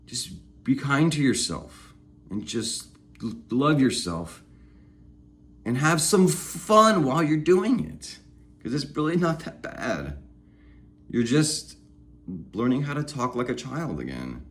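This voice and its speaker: Animated man giving a candid pep talk. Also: medium pitch, takes it slowly, long pauses. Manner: animated, acts out inner voices and self-talk; candid and encouraging. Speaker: host of speaking practice videos. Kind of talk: motivational self-therapy monologue.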